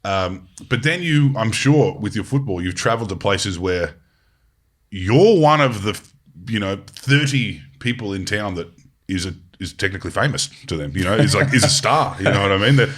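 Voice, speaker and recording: A man's voice: lowish voice, lively intonation, normal speed, fairly bright tone. An Australian man hosting a podcast, rambling and swearing freely in casual chat, with frequent "you know"s. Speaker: podcast host.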